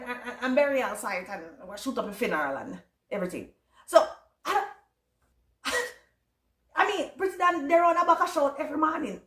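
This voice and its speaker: A woman giving casual commentary, animated and stumbling over restarts. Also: sits high, reverberant. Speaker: commentary vlogger.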